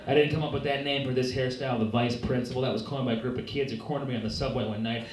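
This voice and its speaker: A young man doing a stand-up set on a club stage, telling deadpan, self-deprecating stories. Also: medium pitch, racing, hardly any pauses, a crowd in the background. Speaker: stand-up comedian. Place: comedy club stage, live audience. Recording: roomy live club recording from far off. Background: audience laughter.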